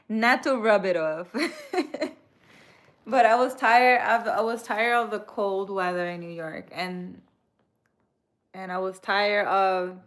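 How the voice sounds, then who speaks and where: In a mid-range voice, a woman spiritual reader talks informally on a live stream, quietly and hesitantly replying to viewers' comments.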